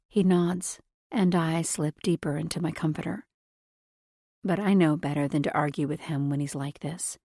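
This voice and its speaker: Low-voiced woman narrating an audiobook. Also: a little mellow, dry recording, studio quality. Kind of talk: scripted first-person narration.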